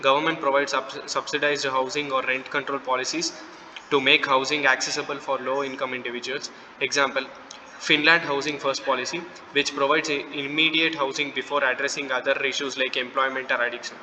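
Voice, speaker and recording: Flat-voiced young man with a bright tone. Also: medium pitch, brisk. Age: young adult. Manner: reading steadily from notes with fillers. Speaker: student presenter. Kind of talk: class presentation. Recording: long reverb, faint noise.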